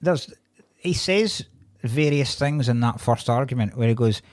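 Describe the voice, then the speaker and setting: A man's voice: mid-range voice, lively intonation, unhurried, darkish tone, no room sound, clean studio sound. A man co-hosting a comedy podcast, ranting in disbelief and swearing in casual chat. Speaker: podcast co-host.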